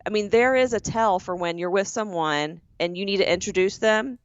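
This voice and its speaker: A woman from the American South co-hosts a podcast in easy, loud, talkative banter. Her voice is mid-pitched and close to the mic, with a dry sound and a slightly muffled, dull top end. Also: smooth, dry recording. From southern United States. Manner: loud, chatty, quick to react. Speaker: podcast co-host. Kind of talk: casual chat.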